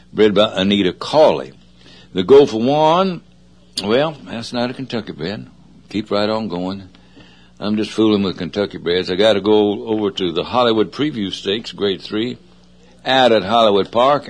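Folksy Southern man hosting radio. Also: lowish voice. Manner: unhurried, folksy, many fillers and self-corrections. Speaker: radio host. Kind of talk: casual rambling radio talk. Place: radio studio.

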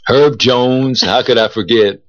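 An older man co-hosts a casual radio chat, spinning stories in a slow, drawling, folksy way. His mid-range voice holds a steady tone with no room sound, though the lo-fi radio recording sounds muffled.

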